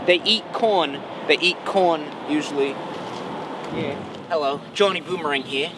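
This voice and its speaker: A young man playing a bumbling, overconfident nature documentary host in a comedy sketch, talking in a rambling, mock-serious, deadpan way, recorded outdoors on a campus. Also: fairly high pitch, close to an everyday voice. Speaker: comic nature show host. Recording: noisy outdoor recording with traffic.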